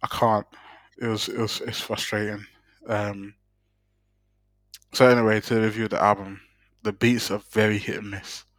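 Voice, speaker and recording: Bright-voiced man chatting on a podcast. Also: lowish voice, no echo. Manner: laughs often, trails off and restarts. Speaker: podcast co-host. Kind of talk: casual chat.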